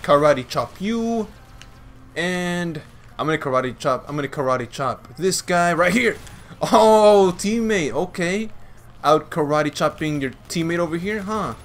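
A man giving playful, teasing commentary over his own gameplay, laughing often and breaking into excited yells. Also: fairly high pitch, normal speed, a little hiss or hum.

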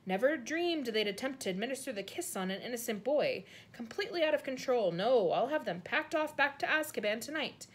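A woman's voice: fairly high pitch, animated, a little fast, few pauses, breathy edge, pitched above the performer's own voice. A woman voicing a flustered, blustering male government minister. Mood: fretful. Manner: blustering, barking.

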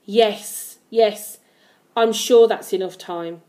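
A woman's voice: medium pitch, fairly even intonation, takes it slowly, warm tone, lightly acted. A woman voicing a stubborn, boastful, cigar-puffing male pub landlord.

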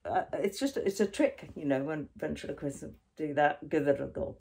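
A woman's voice: sits low, normal speed, gravelly, warm tone. A woman ventriloquist chatting playfully and wryly with her puppet at bedtime. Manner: playful, wry, teasing. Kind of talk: casual bedtime comedy chat.

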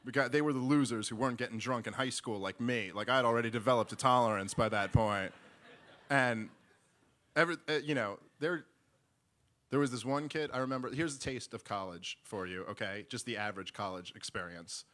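A man's voice: mid-range voice, brisk. A man telling a long comic story on stage, rambling and acting out the voices of the people in it. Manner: rambling, animated, acts out voices. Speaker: stand-up comedian. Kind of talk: stand-up storytelling. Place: live event stage.

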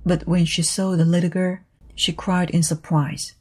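A woman reading a storybook aloud slowly and carefully for learners. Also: lowish voice, steady tone, a little mellow, breathy edge. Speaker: reader of a storybook.

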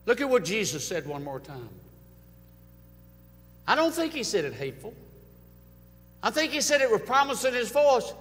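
A man preaching a sermon to his congregation, dramatic, swinging from loud urging to soft, hushed lines. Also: very high-pitched, very animated, moderate pace, long pauses. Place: church sanctuary. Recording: long church hall reverb.

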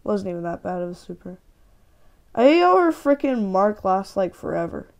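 A woman hosting a gaming channel and giving live, excitable commentary while she plays, often ranting and shouting in frustration. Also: medium pitch, moderate pace.

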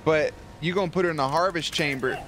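A man's voice: fairly high pitch, fast, crowd noise. A man hosting a reaction video, talking casually and profanely and cheering on the action. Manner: excitable, profane, cheers the screen on.

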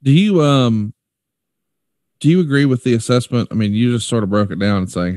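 A man's voice: medium pitch, brisk, darkish tone, no room sound, clean studio sound. A man co-hosting a podcast, asking easygoing questions. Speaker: podcast co-host. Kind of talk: casual podcast chat.

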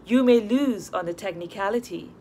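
A woman voicing a calm, proud young woman who speaks in a demure, composed way in an audiobook. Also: mid-range voice, moderate pace, a little hiss or hum, natural voice. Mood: demure teasing.

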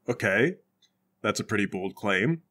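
A man's voice: lowish voice, expressive, a little slow, pushed and bright. Wry, dry-humored male player. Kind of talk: casual table chat.

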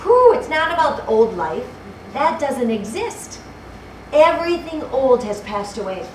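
In a church hall, a woman preacher delivers a fervent sermon, repeating phrases and fumbling for the right verse. Her voice is high-pitched and very animated, a little slow. The distant mic picks up hall echo and background noise.

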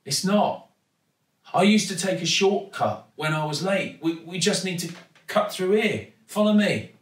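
A man's voice: high-pitched, expressive, unhurried, recorded from a distance, voice pushed up. A man with an English accent voicing a brave, determined young girl who talks eagerly and urgently. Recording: echoey room, voice from off-mic.

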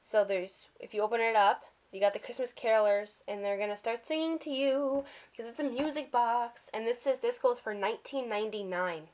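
A woman's voice: on the high side, brisk, hardly any pauses, darkish tone. A woman casually walking through a catalog of holiday items, chatty and gushing, with fillers and little slips. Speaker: vlogger showing catalog items. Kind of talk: casual product walkthrough. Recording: dull lo-fi sound.

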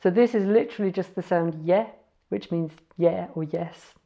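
Woman, casual home tutorial host, slightly low voice, self-correcting, muffled lo-fi sound. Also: gravelly. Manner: chatty, self-correcting, spells out letters slowly. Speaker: language learner sharing words.

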